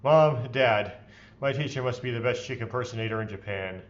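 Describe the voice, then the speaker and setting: Hosting a let's play, a man reads visual novel text aloud with expressive, playfully theatrical flair, tossing in his own commentary. He speaks at a moderate pace with an ordinary mid-range pitch, and the home recording sounds dull and somewhat lo-fi.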